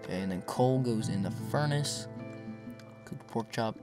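A young man gives off-the-cuff commentary on his own game session, thinking out loud and joking at his own expense. He keeps a mid-range voice. Music plays clearly behind him. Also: medium pitch, normal speed. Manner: chatty, self-mocking, talks to himself and the viewers; excitable outbursts at game characters. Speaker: gameplay commentator. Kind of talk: casual gameplay commentary. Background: background music.

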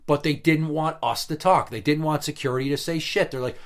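A man's voice: fairly high pitch, fairly even intonation, a little fast, hardly any pauses. Blunt, profane man venting. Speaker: podcast guest telling work stories. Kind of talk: casual podcast chat.

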